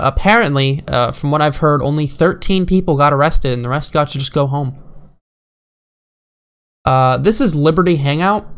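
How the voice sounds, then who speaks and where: A woman's voice: a bass voice, clear, resonant tone. Woman ranting on her vlog, blunt and sweary, lots of uhs, fed up. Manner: blunt, profane, exasperated, halting with fillers. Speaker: political commentary vlogger. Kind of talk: casual opinion commentary.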